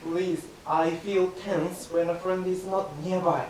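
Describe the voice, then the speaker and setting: A man's voice: high voice, fairly even intonation, slow, darkish tone, recorded from a distance. A man voicing a bumbling, eager young man who pleads sheepishly with a friend, in rakugo storytelling. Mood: pleading. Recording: very echoey room from afar, faint hiss.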